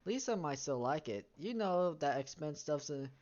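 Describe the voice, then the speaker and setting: A low-pitched woman reads a story game aloud, now and then stopping to add wry remarks. Her voice comes through a dull, muffled home mic. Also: lively intonation, unhurried, darkish tone. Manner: reads text aloud, breaks off into wry comments and laughs. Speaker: game streamer.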